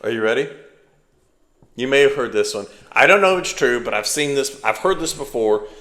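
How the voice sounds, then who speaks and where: A man's voice: medium pitch, lively intonation, a little fast, a bit bright. Rambling male podcast storyteller, echoey room. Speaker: podcast co-host. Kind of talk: casual storytelling chat.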